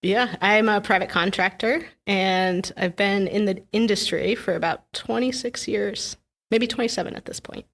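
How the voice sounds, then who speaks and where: A woman's voice: medium pitch, normal speed, gravelly, a bit bright. A woman in her forties who owns a trail business, chatting casually and thoughtfully in a podcast conversation. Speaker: trail contracting business owner.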